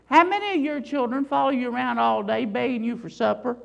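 This woman's sermon comes in a high voice with a creaky, gravelly grain, and she hammers each point home through a string of rhetorical questions. She speaks briskly and emphatically, and the recording's high frequencies are cut off.

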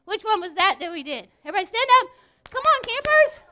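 A woman with a very high, bright voice leads a children's group with songs and a short Bible lesson. She calls out loud and cheery and keeps the kids answering back. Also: sing-song, fast talker. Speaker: children's program leader.

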